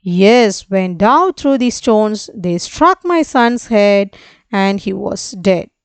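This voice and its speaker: Woman teacher reading angry storybook genie, slow, menacing, crisp. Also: mid-range voice, expressive, no room sound. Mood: stern threatening. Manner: slow, heavy, archaic speech.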